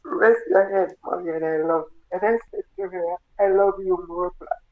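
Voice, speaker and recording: A Jamaican woman, a grieving mother, telling her story in a halting, tearful way and repeating her words. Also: fairly low pitch. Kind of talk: emotional personal testimony. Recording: tinny phone-like sound.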